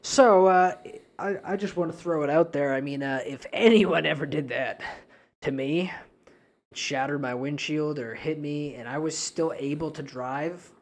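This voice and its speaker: A young New man with a fairly high voice rambles through a casual podcast chat. He swears constantly and breaks into laughter often. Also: unhurried. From New Hampshire. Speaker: podcast co-host.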